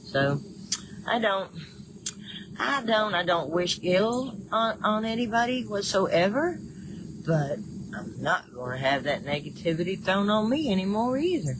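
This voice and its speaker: A woman's voice: medium pitch, big pitch swings, measured pace, background noise. Rambling older woman with a Southern drawl. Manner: rambling, chatty, many restarts, laughs easily. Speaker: livestream host. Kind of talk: casual chat reading viewer comments. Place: home in the woods.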